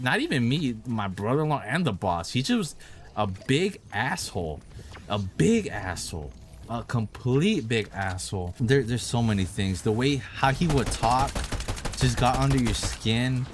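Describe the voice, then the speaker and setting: A young vlogger rants angrily about a coworker in a personal story, cursing heavily and repeating himself as he gets heated. His voice is lowish, with slight background noise.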